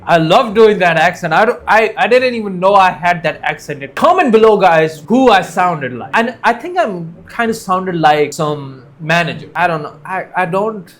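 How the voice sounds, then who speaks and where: A man hosts a casual football vlog, chatting and joking as he talks straight to his viewers. His voice sits high for a man. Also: expressive, normal speed, hardly any pauses, a bit bright. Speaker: football channel host.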